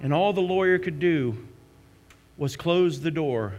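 High-voiced impassioned male pastor. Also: lively intonation, unhurried, soft background music. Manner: impassioned storytelling, rising to cries then hushing to prayer. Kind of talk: sermon.

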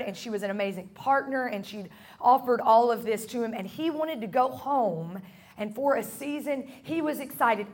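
A woman pastor delivers a sermon to a church congregation, her voice sitting a little on the high side. She speaks earnestly, repeating phrases for emphasis, and she slows down and goes softer on the lines she wants to land. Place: church service room.

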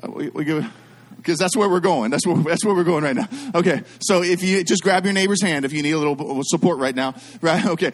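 High-voiced man telling a story from the pulpit. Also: brisk. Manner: animated, self-deprecating, jokes with the audience. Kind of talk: storytelling sermon.

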